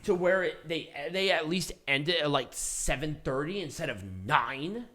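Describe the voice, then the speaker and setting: A man's voice: on the high side, moderate pace, a bit bright. A man co-hosting a podcast, giving blunt, opinionated takes in casual chat and swearing freely. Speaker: podcast co-host. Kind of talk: casual wrestling review chat.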